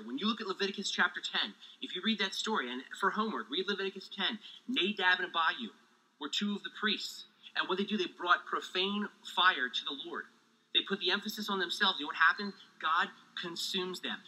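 A man preaching a sermon with lively energy, joking asides and heat, sweating as he talks. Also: high voice, poor audio. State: sweating, overheated. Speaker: pastor.

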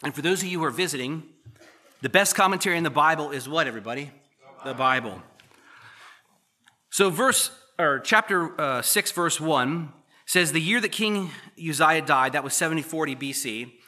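A man in his thirties preaches to his congregation, reading scripture and jumping into animated asides. His voice is bright and forceful and pitched a touch high. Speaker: pastor.

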